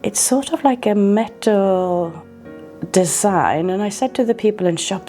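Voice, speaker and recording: A woman's voice: measured pace, soft background music. A woman vlogging casually to camera, chatty and self-deprecating, her voice a little groggy from a coming cold. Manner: chatty and self-deprecating, with lively jumps in pitch. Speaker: skincare vlogger.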